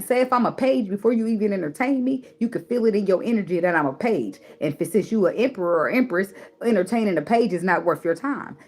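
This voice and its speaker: A woman's voice: on the low side, darkish tone. Blunt, swearing woman reading tarot. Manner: blunt, preachy, swears freely, repeats for emphasis. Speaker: tarot reader. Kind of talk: casual spiritual advice monologue.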